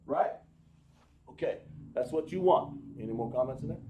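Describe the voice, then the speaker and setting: A man teaching a live class, explaining slowly, with many fillers and restarts. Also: medium pitch, echoey room, highs cut off, a little hiss or hum. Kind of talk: live online class lesson.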